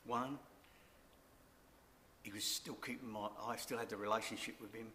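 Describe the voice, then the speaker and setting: An older Englishman tells a personal faith story in a low, earnest voice, circling back to key words as he reflects. A faint hiss sits under his voice. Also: steady tone, moderate pace, pushed and bright. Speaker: church member giving testimony.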